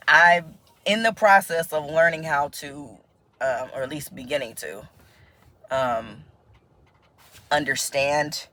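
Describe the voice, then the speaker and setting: A woman's voice: deep voice, slow, pauses often. An American woman talking casually to camera in a vlog, chatty and laughing often. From United States. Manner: chatty, laughs often, quotes others in animated voices. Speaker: vlogger.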